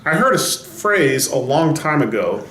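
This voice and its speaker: A man's voice: a little high, big pitch swings, normal speed, fairly bright tone, a little hiss or hum. A man giving a short devotional as a pastor, telling the story with folksy humor. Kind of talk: devotional talk. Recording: roomy echo.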